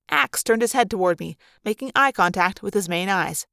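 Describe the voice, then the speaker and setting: A woman reading a novel aloud in lively first-person storytelling. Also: mid-range voice, moderate pace, vocal fry, few pauses, smooth, no echo, studio quality. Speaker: audiobook reader. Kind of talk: read-aloud fan narration.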